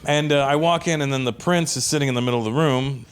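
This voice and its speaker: Animated male stand-up storyteller. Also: mid-range voice, fast. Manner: animated, acts out other people's lines. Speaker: stand-up comedian.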